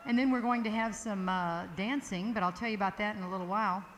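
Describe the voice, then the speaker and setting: A woman's voice: mid-range voice, fast. A woman, chatting casually as emcee of a live music event, rambling and playful as she introduces a band. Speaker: emcee at a music camp evening dance. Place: large hall with audience. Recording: echoey hall with ambient noise.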